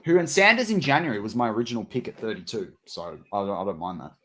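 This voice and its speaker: Australian man, casual live-stream chat, pitch that rises and falls a lot, thinking aloud about picks. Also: fast talker. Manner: animated, musing out loud about draft picks. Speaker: co-host of a draft watch-party stream.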